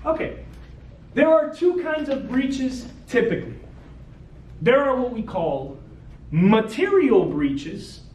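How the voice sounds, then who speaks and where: Lawyer guy lecturing realtors, blunt and animated, mic far off, faint background hum. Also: sits high. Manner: blunt, animated storytelling with frequent "okay" and "right". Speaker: real estate lawyer. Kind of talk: seminar talk to realtors. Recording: roomy, distant mic with faint ambient noise.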